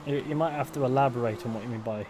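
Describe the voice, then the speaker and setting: A man's voice: medium pitch, racing. English male streamer, chatty and dry, casual play-along commentary over noisy game audio. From England. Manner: chatty, rambling, dry asides. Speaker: gaming streamer. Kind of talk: casual live gameplay commentary. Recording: noisy game sounds behind.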